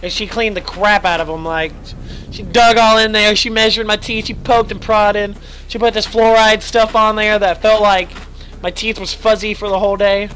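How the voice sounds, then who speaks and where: A man doing casual let's play commentary, excitable, joking and swearing a lot. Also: high-pitched, normal speed, a little hiss or hum. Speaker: gamer.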